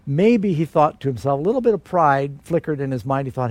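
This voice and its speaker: A man's voice: a little high, animated, brisk, darkish tone, dry recording. A man preaching a sermon, telling stories dramatically and acting out the voices of the people in them. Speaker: pastor.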